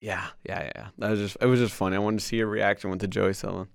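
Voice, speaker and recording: A man hosting a casual chat, relaxed and easygoing, reading out questions from listeners. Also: lowish voice, rapid-fire, gravelly, dry recording, studio quality. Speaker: podcast host reading audience questions.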